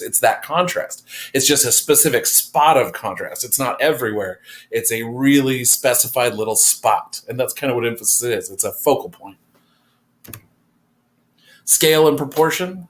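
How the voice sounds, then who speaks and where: Man, art teacher, classroom lecture, casual and chatty, average pitch. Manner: casual, conversational explaining with fillers.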